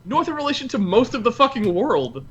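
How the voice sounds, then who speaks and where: A man's voice: very high voice, very animated, fairly quick, a bit bright, husky, highs cut off. A man reading a story aloud to friends, trading sarcastic, casual jokes with a lot of swearing. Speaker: reader and co-host.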